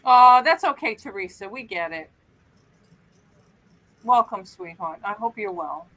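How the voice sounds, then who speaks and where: A woman's voice: mid-range voice, lively intonation, background noise. A woman co-hosting a live sale, calling out bids and greeting viewers by name. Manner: brisk and businesslike with bids, warm greetings to viewers. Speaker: co-host running the bidding. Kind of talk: auction calling and chat.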